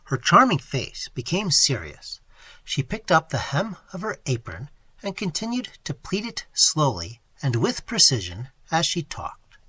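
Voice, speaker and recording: An expressive audiobook narrator with a husky, breathy tone and bright, forward voice. The reading sweeps widely up and down, recorded dry and close. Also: mid-range voice, measured pace.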